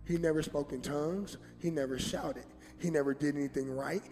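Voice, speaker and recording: Pastor preaching in an echoey hall. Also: male voice, fairly high pitch, fairly even intonation, a little fast, a little mellow, faint music behind. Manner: preaching with dramatic voiced quotes and rising emphasis; colloquial, addresses congregation directly. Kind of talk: sermon. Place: church sanctuary.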